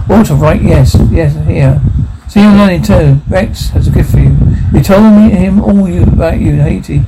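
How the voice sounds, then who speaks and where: A man's voice: on the high side, heavy background noise. A man reading a film's dialogue and sound captions aloud, doing every part and cue in one voice.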